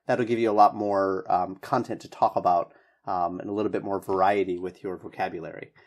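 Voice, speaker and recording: A man's voice: low voice, steady tone, fairly quick. A man teaching English, giving spoken feedback on a student's answer in an encouraging, hedging way with many fillers.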